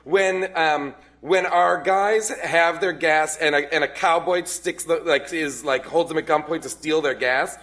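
A man co-hosting a live comedy chat about a movie, animated and joking. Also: on the high side, unhurried, hardly any pauses. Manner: animated, joking, acts out lines. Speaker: co-host. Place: stage with a live audience.

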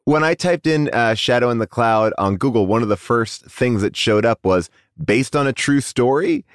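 A man's voice: mid-range voice, expressive, normal speed, dry recording, studio quality. A man co-hosting a casual film review chat in a jokey, playful way. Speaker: podcast co-host.

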